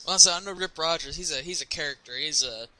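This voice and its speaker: A man's voice: on the high side, fast, bright, forceful tone, slight background noise, low-quality recording. A man hosting a podcast, asking questions and giving short amused reactions in casual chat. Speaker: podcast host.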